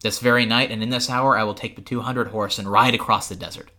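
A man reading aloud and voicing an arrogant young prince who speaks in a cool, placid, slow and quiet way. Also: on the low side, fairly even intonation. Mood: cold.

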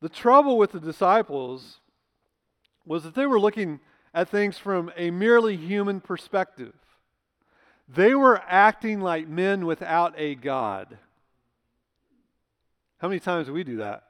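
The pastor's voice sits high and a bit bright, with lively intonation; he is unhurried and pauses often. Preaching in the church sanctuary, he stays emphatic and conversational, asking rhetorical questions amid long hall reverb.

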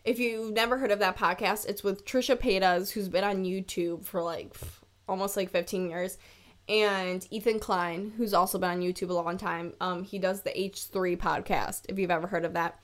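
A woman's voice: medium pitch, steady tone, moderate pace. A woman in her twenties hosting a casual solo podcast from her room, rambling and laughing, with "like" in almost every sentence. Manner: chatty, rambling, laughs a lot, says "like" constantly. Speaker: podcast host. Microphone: camera mic on her desk.

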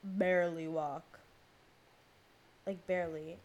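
A woman's voice: lowish voice, fairly even intonation, takes it slowly, darkish tone, lo-fi sound. A teenage girl hosting a podcast, telling a rambling story with lots of fillers and swearing. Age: teens. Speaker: podcast host. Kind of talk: casual storytelling monologue.

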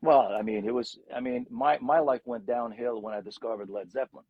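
A man's voice: medium pitch, brisk, slightly rough, no room sound, phone-quality sound. A middle-aged man, a rock singer, telling stories from his career in a casual interview and acting out the voices of people in them. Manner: animated storyteller, acts out quotes.

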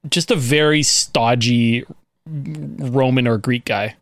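A man's voice: mid-range voice, takes it slowly, dry recording, clean studio sound. A man hosting a casual comedic podcast, laughing often as he presents and reads out quotes. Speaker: podcast host presenting slides.

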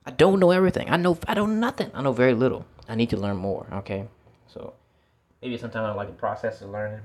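Sitting outdoors with his feet in water, a man who teaches thinks aloud in a relaxed, reflective way, sometimes repeating himself and swearing now and then. He has a medium-pitched voice with a darkish tone.

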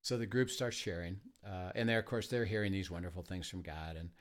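A man leading a ministry, telling a story in conversation, earnest and halting, with many fillers and restarts. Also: sits low. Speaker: ministry leader.

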